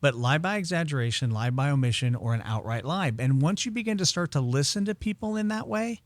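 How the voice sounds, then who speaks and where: Animated male storyteller, dry close mic. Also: a little high, a little fast, no room sound. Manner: animated storyteller, acts out quoted dialogue. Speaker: podcast guest, incense expert. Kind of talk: conversational interview storytelling.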